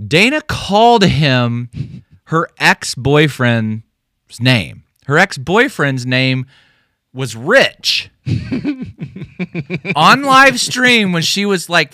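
A man chatting on a podcast, his pitch swinging up and down as he tells a rambling story. His tone is bright, and the close mic sounds dry. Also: no echo. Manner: rambling storytelling with many fillers and restarts. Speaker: podcast co-host. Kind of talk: casual podcast chat.

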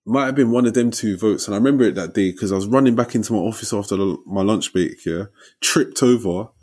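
A young man telling a story in casual chat, lively and slangy, ending lines with "innit" and "yeah". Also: on the low side, fast talker, husky.

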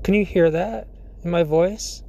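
Slow, mellow-voiced solo podcast host. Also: medium pitch. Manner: laughs often between thoughts; frequent fillers and throat clearing. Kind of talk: casual solo monologue.

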